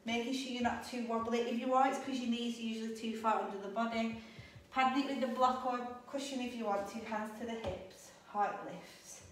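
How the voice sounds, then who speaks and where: A young adult woman teaching a yoga class, calmly cueing breaths and poses, a little out of breath. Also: a little high, a little fast, a little hiss or hum. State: slightly out of breath. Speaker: yoga instructor. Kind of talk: guided yoga class instruction. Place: yoga studio. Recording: echoey room, voice a bit distant.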